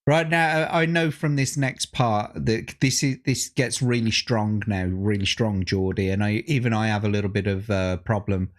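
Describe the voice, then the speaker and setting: A man's voice: on the low side, steady tone, normal speed, few pauses. A man co-hosting a casual chat, reacting to clips with frequent laughter and swearing. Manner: laughs often, swears, reads chat aloud. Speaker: co-host.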